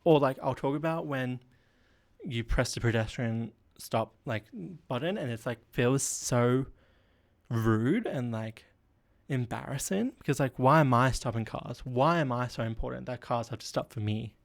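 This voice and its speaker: A man's voice: mid-range voice, moderate pace, vocal fry. A man hosting a casual solo podcast, rambling, giggling and running himself down. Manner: rambling, giggly and self-deprecating.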